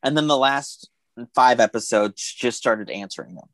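A man's voice: medium pitch, moderate pace, no room sound. Chatty man on a close dry mic. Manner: animated, talks in long runs with quoted asides. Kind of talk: casual chat about TV shows.

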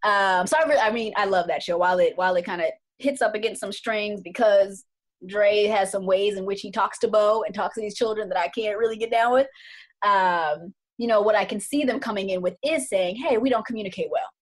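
A woman's voice: medium pitch, fairly quick. A woman couples therapist talking through her approach in a casual podcast chat, earnest and thoughtful, often repeating words for emphasis.

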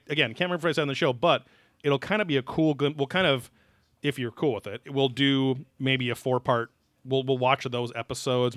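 A man's voice: mid-range voice, fairly bright tone, no room sound. A man co-hosting a podcast, chatting casually over beers, rambling loosely and swearing offhandedly. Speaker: podcast co-host.

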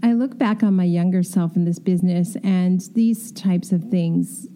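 A woman's voice: lowish voice, moderate pace, mellow. A middle-aged woman, an interior designer, telling candid, self-deprecating stories from her work and giving emphatic advice. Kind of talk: storytelling advice talk.

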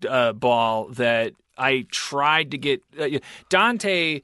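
Man, podcast co-host, bright lively voice, rambling, self-mocking, dry close mic. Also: medium pitch, extremely slow, clear, resonant tone, no room sound. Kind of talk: casual podcast chat.

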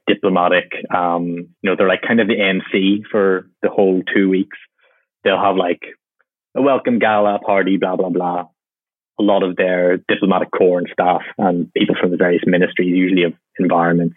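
Husky low-voiced man on a phone-like line. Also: no echo. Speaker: climate policy expert guest. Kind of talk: conversational interview answers. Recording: tinny phone-like line, dry.

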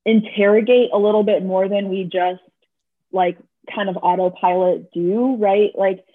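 A woman's voice: mid-range voice, fairly even intonation, measured pace. A woman therapist, a guest on the podcast, speaking thoughtfully and often ending points with rhetorical questions. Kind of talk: casual interview talk. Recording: tinny phone-like call audio.

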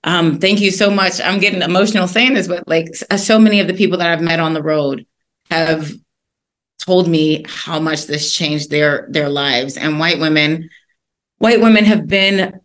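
A woman's voice: low voice, normal speed. Earnest woman telling stories in an interview. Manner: earnest, animated storytelling. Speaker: guest author. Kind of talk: interview conversation.

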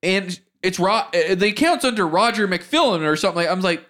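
A man's voice: high voice, expressive, a little fast, fairly bright tone. A man co-hosting a casual podcast chat, acting out frustrating customer calls as he tells the story. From Canada. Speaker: podcast co-host.

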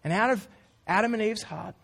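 A man's voice: high-pitched, fairly quick, vocal fry, fairly bright tone. A man preaching a sermon in a casual, earnest way, with informal asides to the congregation. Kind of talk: conversational sermon.

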